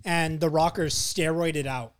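A man's voice: a little high, steady tone, unhurried, dry recording. A tired young man in casual chat with friends, dryly correcting details.

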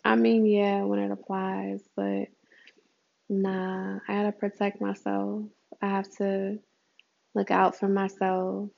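A chatty woman hosting a casual solo audio journal, addressing listeners as girl and y'all. Her voice carries a gravelly fry, and she swoops up high for emphasis. The recording is muffled and lo-fi. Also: little pitch movement, slow. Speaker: podcast host.

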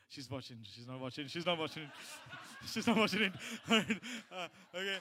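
A man's voice: fairly high pitch, brisk, hardly any pauses, sharp tone. A middle-aged man giving a sermon as a pastor, telling a personal story in a loose, conversational way with many restarts and asides.

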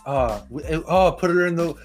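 Excitable young man rambling casually. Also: fairly high pitch, moderate pace, soft background music. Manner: rambling, filler-heavy, excitable. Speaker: tabletop game player. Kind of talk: casual chat.

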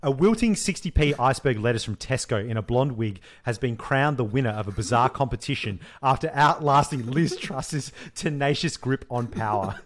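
A man co-hosting a podcast in casual chat, reading memes aloud with jokes and laughter. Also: medium pitch. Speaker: podcast co-host.

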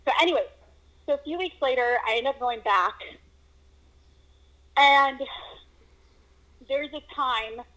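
A woman telling a personal story in a casual conversation, animated and acting out moments with exclamations. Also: high-pitched, unhurried, long pauses, poor audio. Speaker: guest telling her story.

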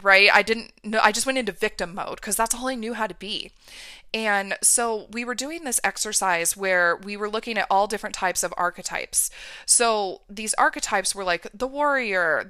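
Woman podcast host, bright voice, dry close sound, gets emotional and open telling her story. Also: mid-range voice, clear, resonant tone, no echo. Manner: emotional, candid, reenacts her own outbursts. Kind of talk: personal storytelling.

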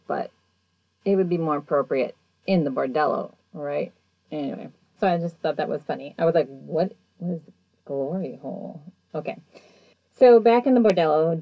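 Woman podcast host, low voice, dry lo-fi home mic, chatty recap. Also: no room sound. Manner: chatty, animated retelling with quoted voices. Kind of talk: casual episode recap.

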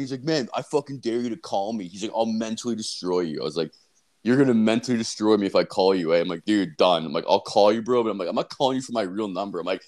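Profane young man telling stories. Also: lowish voice. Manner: profane, laughing storyteller acting out exchanges. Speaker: podcast co-host. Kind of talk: casual podcast chat.

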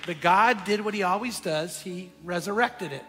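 A male pastor preaching a sermon, telling a story that moves between hushed and emphatic passages. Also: high-pitched, normal speed, big-room sound, over music, crowd noise.

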